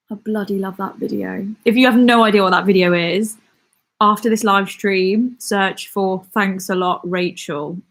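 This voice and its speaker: A woman's voice: medium pitch, takes it slowly, long pauses, a bit bright. A young British woman hosting a live stream, chatting casually and giggling as she reads out viewer comments. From Britain. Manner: chatty and giggly, with frequent ums and laughs.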